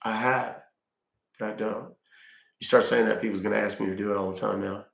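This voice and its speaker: A man's voice: fairly low pitch, fairly even intonation, fairly quick, gravelly, a bit bright, echoey room. A man hosting a casual livestream, chatting with his viewers and answering their questions with easygoing fillers. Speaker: livestream host reading chat. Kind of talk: casual chat.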